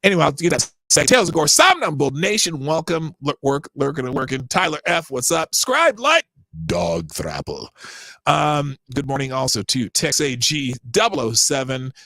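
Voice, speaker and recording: Animated male live-stream host. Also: on the high side, normal speed. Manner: animated, rambling, laughs often. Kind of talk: casual live-stream chat, greeting viewers.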